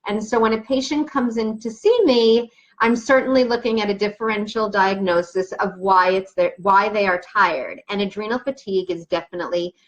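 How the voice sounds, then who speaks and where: A woman's voice: mid-range voice, normal speed, hardly any pauses. A woman naturopathic doctor giving an explanatory health talk to camera, chatty and emphatic, working through questions from her notes.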